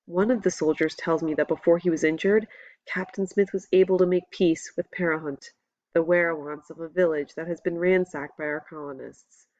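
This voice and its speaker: A woman reading a novel aloud as a first-person audiobook narrator, in a steady, measured storytelling voice. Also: on the low side, no room sound, muffled recording.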